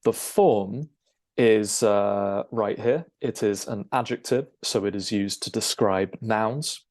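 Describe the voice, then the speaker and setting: A man, an English teacher, explaining a lesson over a shared screen, checking in with "okay?" and filling pauses with "um". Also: fairly low pitch, darkish tone. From United Kingdom. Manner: explanatory, frequent "okay?" check-ins and "um" fillers.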